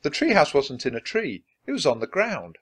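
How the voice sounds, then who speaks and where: A man's voice: on the high side, moderate pace, breathy edge. A man reading a children's book aloud, narrating expressively. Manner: expressive, lively. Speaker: storybook reader.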